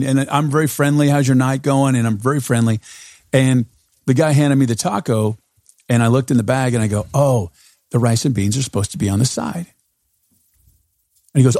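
Relaxed male podcast host, dry sound. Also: mid-range voice, a little fast, vocal fry, long pauses, dry recording. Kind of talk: casual podcast chat.

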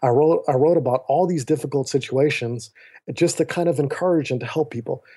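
Over a remote call mic, a man guesting on a podcast recounts a personal story earnestly, animating it with quoted dialogue. His voice is a little high and breathy-edged, and he talks fairly quickly.

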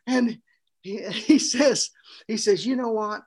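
A man co-hosting a podcast, telling a story in a casual, animated way, laughing often and restarting his sentences. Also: very high-pitched, unhurried, breathy edge. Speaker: podcast co-host and author.

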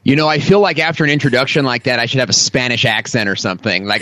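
A man in his thirties, a guest on a podcast, telling his story in an animated, enthusiastic way. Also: mid-range voice, fast, hardly any pauses, low-quality recording. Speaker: podcast guest, video marketing teacher. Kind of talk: casual podcast interview.

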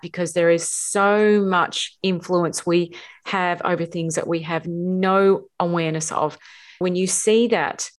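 A woman hosting a relationship coaching podcast, talking emphatically and repeating words for stress. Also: fairly low pitch. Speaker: podcast host.

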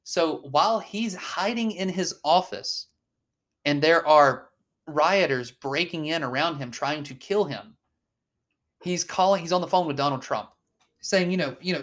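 A man's voice: on the high side, measured pace, a bit bright. A man co-hosting a casual political chat, blunt and swearing often, with lots of fillers and restarts. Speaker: podcast co-host.

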